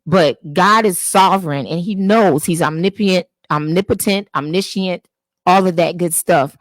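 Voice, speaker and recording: A woman's voice: lowish voice, a little slow, dry recording. A woman hosting a live-streamed podcast introduction, speaking in an earnest, preachy way and appealing straight to church people. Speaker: podcast host. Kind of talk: casual live-stream monologue. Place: home setup, Facebook live stream.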